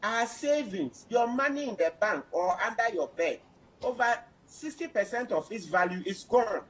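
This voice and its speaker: A man's voice: sits high, lively intonation, moderate pace, fairly bright tone, breathy edge, rough recording. A man, a panel guest who lectures insistently and talks over others in a heated debate.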